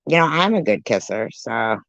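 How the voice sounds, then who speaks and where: A woman's voice: a bass voice, sing-song, moderate pace, a bit bright, no echo. A woman hosting a commentary channel, mocking and sarcastic as she reacts to clips, swearing freely. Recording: dull lo-fi dry sound.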